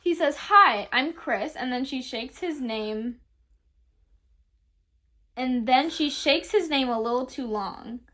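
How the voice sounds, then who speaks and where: A young woman co-hosting a laid-back confessions chat, reading each one aloud and giggling as she goes. Her voice sits somewhat high. She swears freely and keeps things animated. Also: slow, long pauses. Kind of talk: casual chat.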